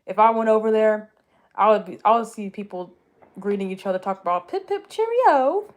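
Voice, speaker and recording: This young American woman talks a little fast in a steady, medium-pitched voice while replying to her viewers. Her chat is rambling and jokey, full of self-corrections and laughter.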